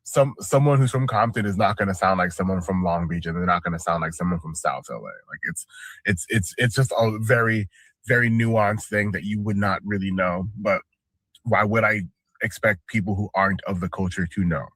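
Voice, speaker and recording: Low-voiced man musing, dry sound. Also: moderate pace, fairly bright tone, no echo. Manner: thoughtful, hedging restarts. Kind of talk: casual commentary.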